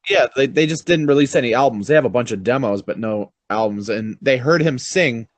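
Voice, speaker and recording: A young man co-hosting a podcast, telling animated stories and swearing casually. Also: mid-range voice, fairly quick, no room sound. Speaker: podcast co-host. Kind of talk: casual chat.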